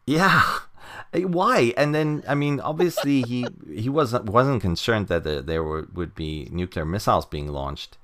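A man's voice: medium pitch, lively intonation, measured pace, a bit bright. A man co-hosting a comic book podcast in casual chat, rambling with lots of fillers and frequent chuckles.

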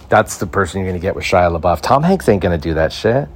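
A Mexican man hosts a casual comedy podcast, joking and rambling through animated stories. His voice is low and fast, with hardly any pauses.

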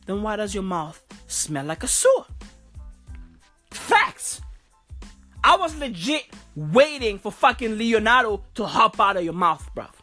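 A woman delivering a crude, profane comedic rant, repeating herself and bursting into loud, exasperated shouts. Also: mid-range voice, sing-song, a little slow, soft background music. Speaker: comedic ranter.

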